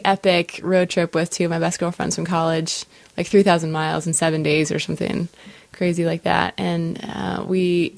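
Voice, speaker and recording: Low-voiced woman telling stories. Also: creaky, no echo. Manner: animated storyteller, laughs often. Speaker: podcast co-host. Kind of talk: casual chat.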